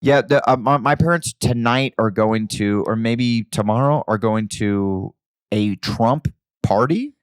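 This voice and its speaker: Animated swearing man telling stories. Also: fairly low pitch, unhurried, smooth, no room sound, studio quality. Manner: animated, swearing, acts out his parents' lines. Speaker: podcast co-host. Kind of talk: casual storytelling chat.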